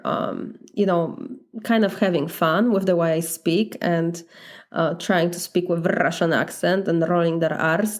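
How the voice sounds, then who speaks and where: A woman's voice: on the low side, a little mellow. A woman with a Polish accent, a life coach speaking in a candid, reflective podcast monologue, laughing lightly now and then. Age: adult, married.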